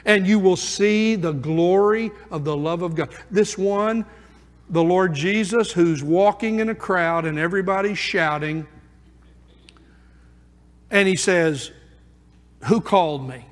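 Fervent high-voiced male preacher, reverberant hall. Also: slow. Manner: fervent, repeats phrases for emphasis. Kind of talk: sermon. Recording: long reverb of a large hall.

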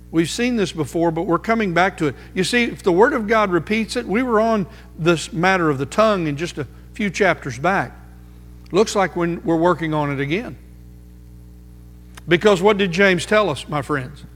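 A man preaching a sermon, emphatic, slowing down to repeat key phrases for weight. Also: sits high, fairly bright tone. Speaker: pastor. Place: church sanctuary. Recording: music under voice, long hall reverb.

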